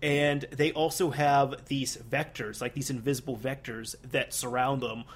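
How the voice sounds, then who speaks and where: A young man chatting casually as a podcast co-host, rambling and animated, with many restarts and fillers. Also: medium pitch, unhurried. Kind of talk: casual chat.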